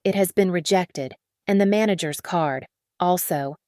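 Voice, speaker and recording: Brief: woman playing a polite, accented waiter, low and quiet. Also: unhurried, no echo, studio quality, natural voice. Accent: foreign. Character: male waiter delivering bad news.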